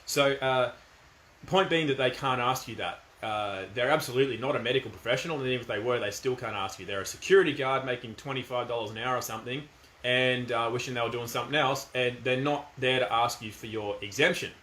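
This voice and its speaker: A man's voice: medium pitch, fast talker, fairly bright tone. A middle-aged man with an Australian accent, talking in a casual, firm and emphatic monologue. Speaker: commentator. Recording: echoey room.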